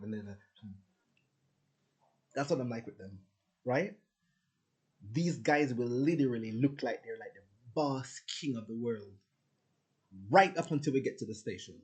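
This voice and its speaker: A man's voice: medium pitch, normal speed, pauses often, a little mellow. A man talking casually to his viewers in a rambling, boastful, profane rant. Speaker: spiritual vlogger. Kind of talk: casual ranting monologue.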